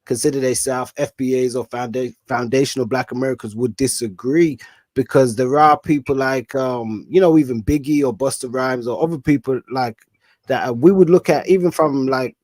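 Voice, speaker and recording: A man from the UK co-hosting a casual chat, reflective and unhurried, trailing off with fillers. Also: mid-range voice, a little mellow, dry recording. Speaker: podcast co-host.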